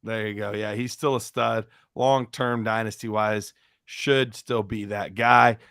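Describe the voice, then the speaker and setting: A man's voice: lowish voice, fairly even intonation, unhurried, creaky, fairly bright tone, clean tone, dry recording. Male podcast host, casual and rambling, dry sound. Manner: loose, chatty, fumbling through notes while asking questions. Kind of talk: casual sports chat.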